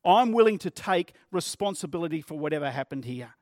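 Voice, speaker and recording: A man's voice: a little high, animated, brisk, darkish tone, no echo, studio quality. A man preaching a sermon as pastor, earnest and plain-spoken, using vivid everyday examples.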